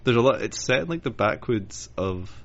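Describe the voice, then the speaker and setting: A man's voice: medium pitch, animated, moderate pace, fairly bright tone. A man co-hosting a casual podcast chat, dry, blunt and sardonic. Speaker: podcast co-host. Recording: dull lo-fi sound with faint noise.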